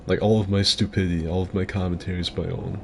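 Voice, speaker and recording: A man's voice: low voice, flat delivery, quick pace, vocal fry, background noise. A man rambling casually as he comments on his own gameplay, with loose filler-heavy talk and swearing. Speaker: gaming streamer.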